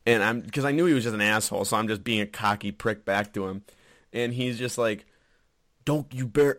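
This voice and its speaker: A man telling stories in casual chat, profane and animated, often laughing. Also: medium pitch, dry recording, studio quality. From Wisconsin.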